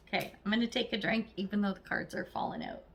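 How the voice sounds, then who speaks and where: A woman giving a casual, chatty tarot reading, blunt and encouraging, acting out little quoted voices as she goes. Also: medium pitch. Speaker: tarot reader.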